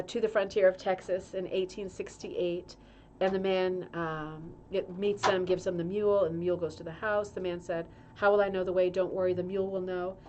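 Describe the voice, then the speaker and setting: A woman's voice: fairly low pitch, a little mellow, a little hiss or hum. A middle-aged woman hosting a casual livestream, reading a magazine aloud with chatty asides, in an indoor room. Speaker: show host reading a magazine. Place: indoor room with a humming heater.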